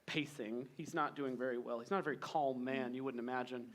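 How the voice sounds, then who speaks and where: A man narrating as game master of a live tabletop game, relaxed and chuckling, with fillers. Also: medium pitch, brisk, slight background noise.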